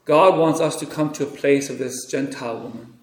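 A man preaching a sermon who swings between hushed, quiet pleading and loud, excited storytelling. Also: medium pitch, a little fast. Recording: very echoey room, faint noise.

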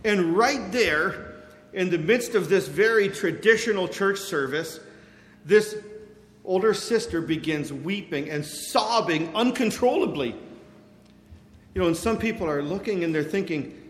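A man giving a sermon, telling stories with lively quoted voices and frequent fillers like "you know". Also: high voice, a little slow. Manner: animated storytelling with quoted voices, many fillers. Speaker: preacher. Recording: echoey hall with long reverb.

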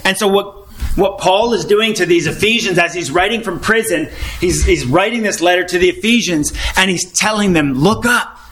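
A man's voice: high-pitched, normal speed, a bit bright, a little hiss or hum. A man giving an informal Bible teaching, earnest and repetitive, asking rhetorical questions. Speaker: preacher.

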